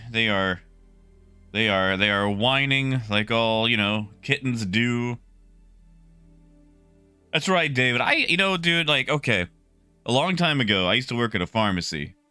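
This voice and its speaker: A young man casually chatting with his stream viewers, relaxed and talkative, greeting people by name. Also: mid-range voice, unhurried, clear, resonant tone, no room sound, faint music behind. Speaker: livestreamer.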